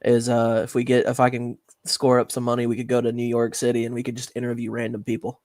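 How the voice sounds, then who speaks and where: A man's voice: medium pitch, completely flat delivery, fast talker, darkish tone, no room sound. Joking man, dry close sound. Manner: joking, eager, swears. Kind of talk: casual profane banter.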